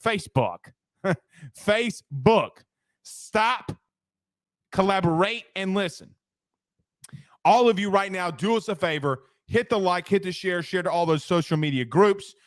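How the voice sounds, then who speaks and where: An energetic man runs a casual sports talk show. His voice sits a little high and sounds dry and close to the mic. He chats freely and plugs sponsors. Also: moderate pace, no room sound.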